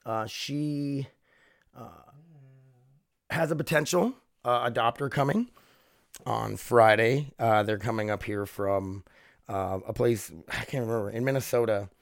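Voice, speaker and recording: A man's voice: medium pitch, unhurried, vocal fry, no echo, studio quality. A man hosting a casual solo podcast from home, rambling, swearing freely and laughing often. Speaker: podcast host.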